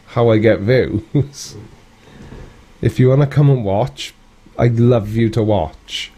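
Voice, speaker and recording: A British man hosting a relaxed live stream, his voice low and warm. He talks in a loose, chatty way, greeting viewers and answering their comments with a dry, wry edge. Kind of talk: casual live-stream chat.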